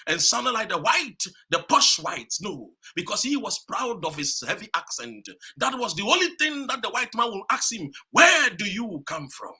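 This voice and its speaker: A man from Ghana delivers a fiery political speech with a high, bright, husky voice. His pitch swings widely as he preaches, repeating phrases and rising to shouts. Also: sing-song, normal speed, few pauses. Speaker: political commentator. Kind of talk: impassioned political speech to camera.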